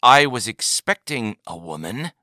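A man voicing a calm, pleasant old male community leader who speaks softly and drily in a story reading. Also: medium pitch, a little slow, dry recording, studio quality, pitched above the performer's own voice, exaggerated voice.

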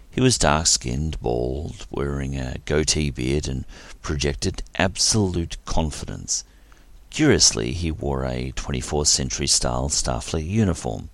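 A man narrating a science-fiction story aloud in a steady, plain reading voice. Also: extremely low pitch, gravelly, dry recording.

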